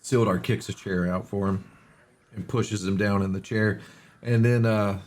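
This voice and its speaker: A man narrating a tabletop game as game master in a relaxed way, with many fillers. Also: on the low side, measured pace.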